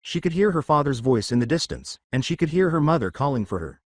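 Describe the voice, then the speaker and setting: Male narrator, fan fiction reading, animated pitch, dry recording. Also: quick pace, dry recording.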